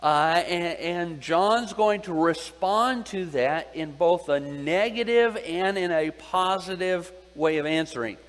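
A man teaching a Bible sermon, pausing often to ask his listeners questions and repeating his key points. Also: sits high, a bit bright. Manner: deliberate, asks the audience questions and repeats key phrases. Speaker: preacher. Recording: long hall reverb.

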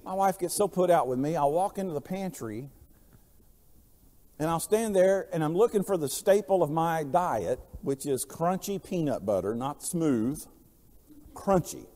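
High-voiced preacher man in a reverberant hall. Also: animated, unhurried. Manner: storytelling preacher, swings from quiet to loud. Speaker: pastor. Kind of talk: sermon.

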